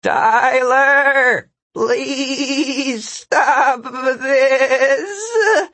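A man's voice: very high-pitched, drawn-out words, bright, forceful tone, pitched above the performer's own voice, exaggerated voice. A man voicing a hapless male wizard with a wavering, goat-like whine. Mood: pleading.

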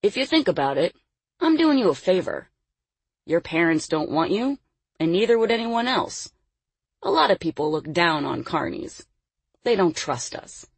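A woman's voice: fairly low pitch, big pitch swings, moderate pace, no room sound, full character voice. A woman voicing a scheming male circus boss. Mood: persuasive. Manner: smooth, persuasive, menacing. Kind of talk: audiobook character voice.

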